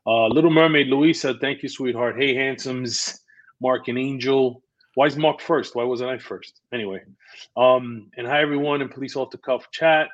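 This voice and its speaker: A man's voice: mid-range voice, normal speed. A man, a former police officer co-hosting, cracking jokes and greeting viewers in the chat. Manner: wisecracking, joking asides. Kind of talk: casual chat, reading the live chat. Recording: dull lo-fi sound.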